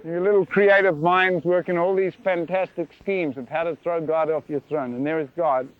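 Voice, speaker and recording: A man preaching a sermon in an animated, playful way, with sound effects, in a lo-fi recording. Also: on the high side, normal speed.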